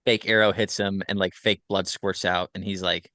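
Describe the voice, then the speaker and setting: A man casually recapping a film plot on a podcast, rambling with many fillers and quick self-corrections. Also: sits low, flat delivery, sharp tone, no room sound. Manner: rambling, filler-heavy retelling. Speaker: podcast host.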